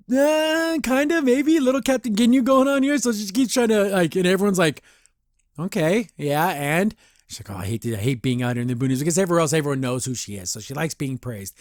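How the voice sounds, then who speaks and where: In clean studio audio without echo, a man with a fairly high voice hosts a podcast. He rambles casually through a review of a cartoon episode, laughing a lot and performing the characters' lines.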